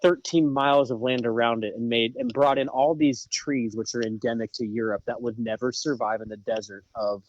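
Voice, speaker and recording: A man's voice: mid-range voice, steady tone, moderate pace, hardly any pauses, no echo, lo-fi sound. A man co-hosting a podcast, griping about a film in an exasperated, sarcastic way. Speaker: podcast co-host. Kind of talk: casual movie review chat.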